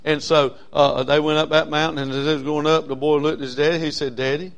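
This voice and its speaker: Folksy preacher man, higher voice. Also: level tone, clean tone. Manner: dynamic preaching, swings between loud emphasis and soft drawn-out phrases; folksy, with frequent uh fillers. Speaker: pastor. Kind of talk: sermon.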